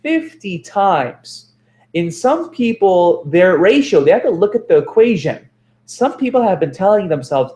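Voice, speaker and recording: A man's voice: fairly high pitch, expressive, moderate pace, a little mellow, lo-fi sound. Man teaching positive thinking, echoey room. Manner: repeats phrases for emphasis, self-corrects. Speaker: self-help speaker. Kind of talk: motivational talk.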